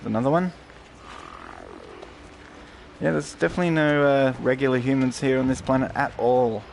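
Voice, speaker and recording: A man's voice: mid-range voice, fairly even intonation, normal speed, gravelly, a little mellow, slight background noise. Crude, joking male game streamer. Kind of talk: casual game commentary.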